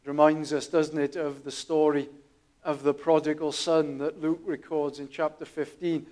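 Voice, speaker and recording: A man preaching a sermon, telling stories in a quiet, earnest way with small restarts. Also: fairly high pitch, level tone, normal speed.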